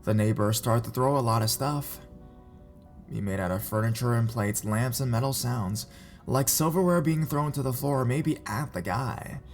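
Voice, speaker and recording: A man reading reader-submitted scary stories aloud in a measured, even narration. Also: medium pitch, soft background music. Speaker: horror story narrator.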